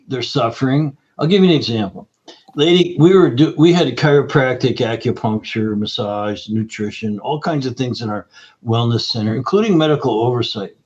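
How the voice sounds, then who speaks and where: A man who is a guest nutritionist, telling anecdotes in a lively storyteller's manner during an interview. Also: mid-range voice. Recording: slightly dull lo-fi audio.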